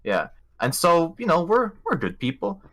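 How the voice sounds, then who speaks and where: A man's voice: fairly high pitch, wildly swooping pitch, moderate pace, a crowd in the background. A young man from Montreal, hosting a casual podcast, telling rambling, profane, jokey travel stories. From Montreal, Canada. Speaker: podcast host. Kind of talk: casual storytelling chat.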